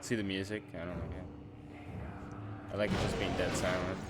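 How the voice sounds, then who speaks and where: A man's voice: low voice, steady tone, moderate pace, heavy background noise. A man streaming a game live, talking in a casual, profane, opinionated way.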